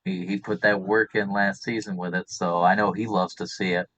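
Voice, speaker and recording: A man co-hosting a stream, walking through a match recap step by step with many filler pauses. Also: low-pitched, flat delivery, a bit bright, no echo, low-quality recording. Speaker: draft league recap co-host. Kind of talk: casual play-by-play recap.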